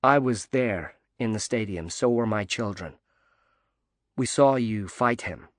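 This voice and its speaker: A man's voice: on the low side, a little slow, no room sound, clean studio sound, lightly acted. A man voicing a cheery American woman diver. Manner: cheery, warm, emphatic.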